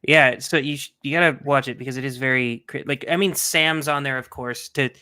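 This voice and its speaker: A man in casual podcast chat with a bright, clear, smooth voice. He speaks offhand and bluntly, in a middle pitch. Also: fairly even intonation, fairly quick.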